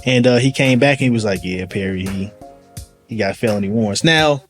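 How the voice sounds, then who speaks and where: A man's voice: on the low side, a little fast. A police sergeant with a St. tells stories in easygoing street slang. He slips in and out of the voices of the people he met, keeping it conversational. Faint music sits under his voice throughout. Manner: animated storyteller, acts out voices, slangy. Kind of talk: casual storytelling conversation. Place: live event venue.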